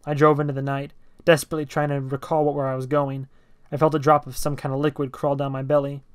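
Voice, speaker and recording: A man giving an amateur audiobook reading of a novel, telling it in first person in a brisk, tense way. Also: mid-range voice, completely flat delivery, smooth, no room sound, studio quality.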